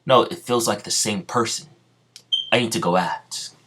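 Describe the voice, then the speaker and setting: A man's voice: lowish voice, normal speed, background noise, close to an everyday voice. A man doing a blunt, arrogant old ninja warlord. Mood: threatening. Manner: blunt, commanding, threatening. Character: arrogant ancient male ninja warlord, menacing.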